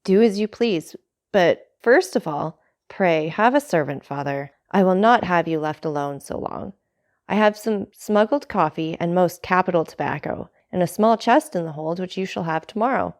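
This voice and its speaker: A woman's voice: lowish voice, lively intonation, normal speed. Dantès, earnest young sailor read by a woman. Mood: eager. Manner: heartfelt, urgent pleading. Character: young male sailor, earnest and devoted son. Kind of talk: audiobook character reading.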